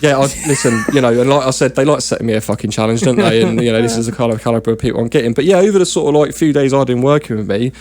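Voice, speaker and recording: A man's voice: medium pitch, rapid-fire, hardly any pauses, a little mellow, a little hiss or hum. A young English man telling a long work story in casual podcast chat, swearing freely, rambling and laughing often. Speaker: podcast guest and regular.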